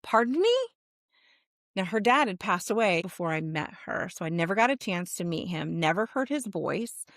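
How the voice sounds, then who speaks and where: A middle-aged woman, a spiritual medium, telling a personal story in a lively way and acting out the dialogue. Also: on the low side, moderate pace, hardly any pauses, dry recording, clean studio sound. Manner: animated, acts out quoted dialogue.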